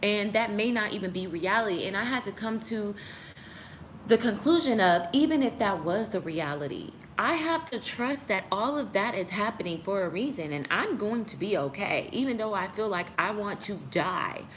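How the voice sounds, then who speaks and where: A woman's voice: medium pitch, expressive, moderate pace, a bit bright, a little hiss or hum. A young woman vlogger giving a heartfelt motivational talk to the camera, with frequent "like" fillers.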